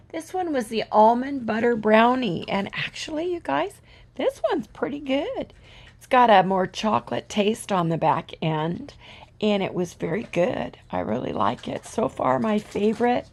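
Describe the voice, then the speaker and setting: Woman, hoarse and losing her voice, casual video diary, chatty, unhurried, mid-pitched voice. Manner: chatty, keeps addressing viewers as folks. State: losing her voice, sore throat. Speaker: keto vlogger.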